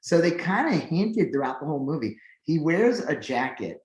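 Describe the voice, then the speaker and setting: A man's voice: on the high side, moderate pace. A man co-hosting a podcast, chatting casually and rambling with many fillers. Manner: rambling, filler-heavy, animated when excited. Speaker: podcast co-host. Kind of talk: casual chat. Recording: echoey room.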